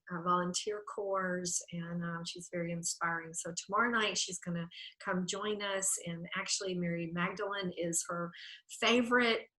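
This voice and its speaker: Woman host, bright effusive voice, church devotional chat on a video call, emotional. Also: lowish voice, rough recording. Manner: emotional, tearful at times, warm and effusive. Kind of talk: heartfelt video-call conversation.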